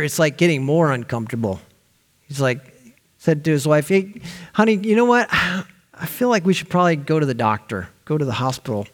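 A male pastor preaching a sermon, telling a story with lively acted-out voices for the people in it. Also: sits high. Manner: animated storytelling, acting out quoted voices.

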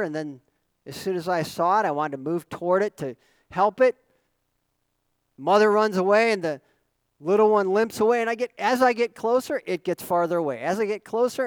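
Middle-aged male pastor, high voice, dry close sound, dynamic sermon delivery. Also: no echo, rough recording. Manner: dynamic preaching with rhetorical questions, swinging from loud emphasis to quiet asides.

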